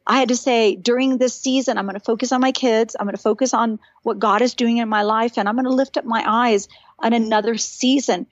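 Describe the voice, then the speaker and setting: A middle-aged woman, a guest on a podcast, telling stories in an animated, earnest and encouraging way. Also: fairly high pitch, a little fast, no echo, muffled recording. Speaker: podcast guest, author and speaker. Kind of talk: casual chat.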